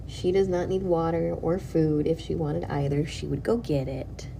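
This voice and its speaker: Woman, casual livestream host at home; soft, cooing delivery with whispered asides; noisy recording. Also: deep voice, steady tone, normal speed, creaky. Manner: soft, cooing, chatty, drops to a whisper at times. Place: at home beside a cat.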